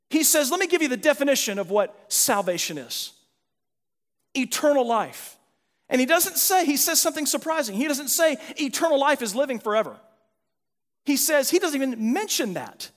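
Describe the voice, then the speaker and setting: Male pastor, high-pitched, earnest sermon delivery that drops to soft reflection, reverberant hall. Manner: earnest, moves from animated emphasis to quiet, soft reflection.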